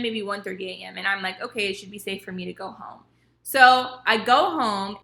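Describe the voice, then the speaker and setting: A young woman vlogger telling a personal story in casual, animated storytime style, acting out what others said. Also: a little high. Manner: animated, acts out quotes of others. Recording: echoey room.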